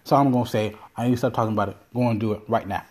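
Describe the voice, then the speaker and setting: A man with a mellow, relaxed voice talks alone on his podcast. He rambles from topic to topic, swears freely and tells stories with lively energy. His pitch sits in an ordinary middle range for a man. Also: very fast. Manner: profane, rambling, animated storytelling. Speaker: podcast host. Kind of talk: casual solo podcast rant.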